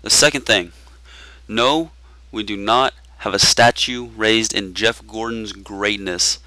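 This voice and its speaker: Texan man, bright and crisp tone. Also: on the low side, takes it slowly, dry recording. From Texas. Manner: deadpan tall-tale joking with frequent uh fillers. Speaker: gameplay commentator. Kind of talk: comedic gameplay commentary.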